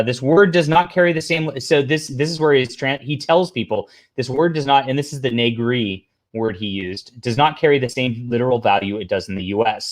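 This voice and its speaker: A man hosting a casual livestream, rambling through commentary, reading posts aloud, talking to the chat and throwing in sarcastic asides. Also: mid-range voice. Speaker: livestream host.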